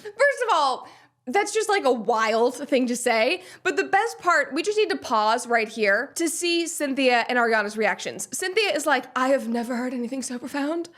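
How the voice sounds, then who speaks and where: A woman hosting a casual pop-culture commentary show, sarcastic and animated and laughing often. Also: high-pitched, moderate pace. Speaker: show host.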